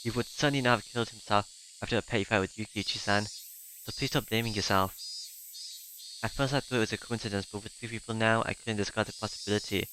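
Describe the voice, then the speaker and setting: Low-voiced man reading a story aloud. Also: fairly even intonation, very fast, noisy background. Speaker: reader. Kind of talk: reading a visual novel aloud.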